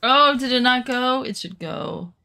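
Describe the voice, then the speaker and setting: A woman's voice: high-pitched, animated, measured pace, pushed and bright. A woman chatting casually to her viewers while streaming a survival game, rambling with lots of fillers. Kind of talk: casual gaming stream chat.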